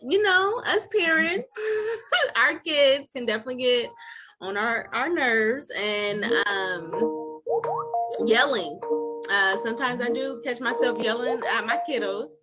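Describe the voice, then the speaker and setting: A woman's voice: on the high side, takes it slowly, over loud music, poor audio. A woman, a mother, chatting casually about parenting and her kids, laughing often and telling stories with lots of life. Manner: laughs often, animated storytelling. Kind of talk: casual chat.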